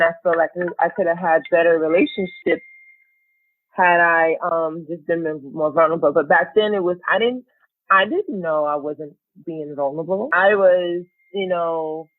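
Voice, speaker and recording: A woman's voice: fairly low pitch, no echo. A woman guest in a podcast interview, talking in an earnest, reflective way. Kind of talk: casual interview talk. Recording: tinny phone-like line.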